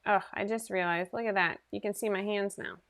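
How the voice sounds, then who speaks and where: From her home sewing room, a woman hosts a casual sewing livestream, chatting in a rambling, self-deprecating way into her computer microphone. Her medium-pitched voice is steady, brisk, and fairly bright.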